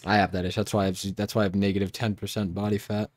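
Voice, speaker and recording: Low-voiced man hosting crude gaming chat. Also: rapid-fire, a little hiss or hum. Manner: crude deadpan joking. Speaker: gaming channel host. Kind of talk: casual gaming chat with friends.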